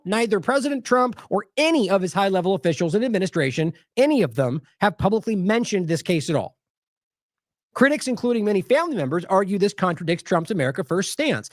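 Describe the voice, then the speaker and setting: A man's voice: sits high, no echo, studio quality. A man hosting an independent news show, giving sarcastic, rambling commentary over video clips with frequent restarts.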